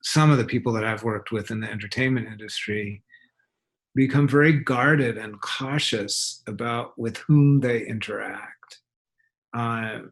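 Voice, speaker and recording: Male psychologist guest, measured and deliberate, hesitant phrasing, mid-range voice. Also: medium pitch, fairly bright tone. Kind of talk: measured explanation.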